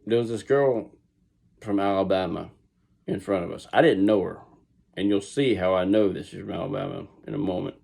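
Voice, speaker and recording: A man's voice: deep voice, normal speed, gravelly, darkish tone. A middle-aged man with a Southern US accent tells a story casually, rambling with restarts and asides. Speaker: vlogger.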